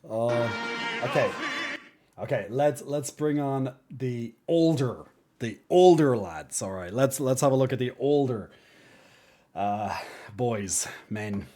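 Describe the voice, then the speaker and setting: Brief: male streamer, loose and jokey, swears a lot, average pitch, soft music underneath. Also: animated, slow. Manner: joking, rambling, swearing. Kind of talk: casual live-stream chat.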